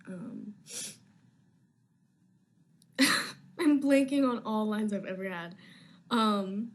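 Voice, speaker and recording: A woman's voice: medium pitch, takes it slowly, pauses often. A young woman actress chatting casually on a live video stream from home, answering fan questions in a rambling, easily sidetracked way.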